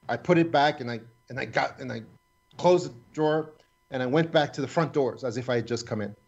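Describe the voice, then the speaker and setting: A middle-aged man, a retired federal agent, tells a personal story as a radio guest, talking haltingly with frequent restarts and fillers. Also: medium pitch, darkish tone, dull audio.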